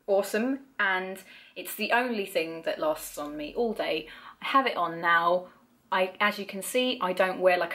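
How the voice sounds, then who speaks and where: A woman's voice: mid-range voice, bright, forceful tone. Young woman, casual beauty vlogger, chatty and blunt, swears a lot, self-mocking. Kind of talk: casual product review.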